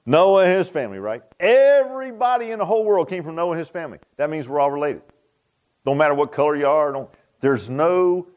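A man preaching a sermon, folksy and joking, often asking the congregation questions. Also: a little high. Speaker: pastor.

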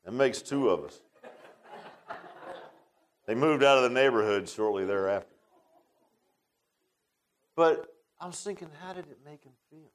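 A man preaching a sermon and telling a childhood story, folksy, moving between loud and hushed. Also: mid-range voice, expressive, unhurried, long pauses, rough recording.

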